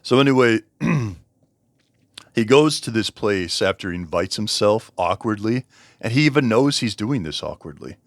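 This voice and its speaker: A man's voice: fairly low pitch, lively intonation, measured pace, no room sound, clean studio sound. A man casually reviewing a book, rambling, correcting himself and chuckling as he talks. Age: over 20.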